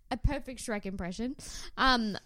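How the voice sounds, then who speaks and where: A woman's voice: a little high, a bit bright, no echo. Giggly sarcastic woman. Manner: giggly, sarcastic, swears freely. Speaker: podcast co-host. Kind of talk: casual chat.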